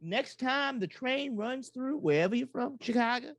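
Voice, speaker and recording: A man with a high and very lively voice role-plays his character at a game table. He talks in a folksy, drawling, chatty way. The sound is dry. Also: normal speed, no room sound. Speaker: player.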